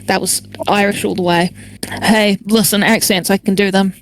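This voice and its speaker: A woman's voice: medium pitch, steady tone, normal speed, slight background noise. A woman playing in a tabletop game, chatting in a bubbly, rambling way. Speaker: player. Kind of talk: casual tabletop role-play.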